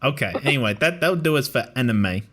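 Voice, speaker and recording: A man's voice: medium pitch, animated, brisk, fairly bright tone. A man hosting a podcast in casual chat, chatty and laughing often. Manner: chatty, laughs often, does playful voices. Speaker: podcast host.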